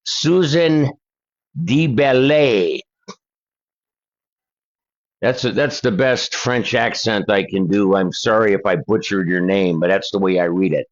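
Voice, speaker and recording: A man's voice: low-pitched, fairly even intonation, moderate pace, few pauses, dull audio. An older man hosting a paranormal channel, reading letters aloud with chatty asides to his viewers. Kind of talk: casual reading of letters and articles.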